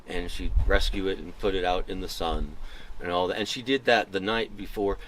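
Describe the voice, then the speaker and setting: A man's voice: low-pitched, steady tone, moderate pace, noisy background. A man, a former fire lookout, telling rambling, digressive stories with wry, self-mocking humor in an oral history interview at a mountain lookout.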